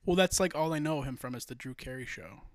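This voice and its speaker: A young man from the United States hosts a casual podcast, rambling from one joke to the next and swearing freely. His voice sits at a middling pitch, and the recording is dry and close-miked with no room sound. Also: lively intonation, fast, no room sound. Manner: rambling, profane, joking. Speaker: podcast host. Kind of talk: casual chat.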